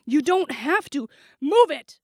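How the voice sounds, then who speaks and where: A woman's voice: sits high, big pitch swings, takes it slowly, fairly bright tone, dry recording, voice pushed up, heavily acted. Older male teacher woman reading, urgent plea, dry close recording.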